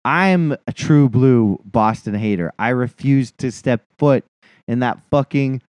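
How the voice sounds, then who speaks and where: A man's voice: mid-range voice, unhurried, clear, resonant tone, dry recording. A man in his thirties co-hosting a casual podcast, ranting with lots of swearing. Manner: animated, swears a lot, rants. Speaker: podcast co-host. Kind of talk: casual profane chat.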